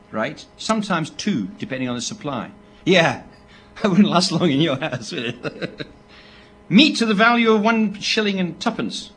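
A man, preaching a sermon in an animated storytelling way, with asides to the people listening. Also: fairly high pitch, slight background noise. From Britain. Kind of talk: sermon to a live audience.

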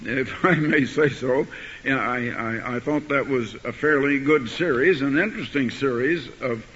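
A man preaching a sermon, telling a story and reading scripture, building to forceful emphasis on key words. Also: mid-range voice, a little slow, slight background noise. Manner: rising to forceful emphasis when quoting scripture. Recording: dull archival recording in a hall.

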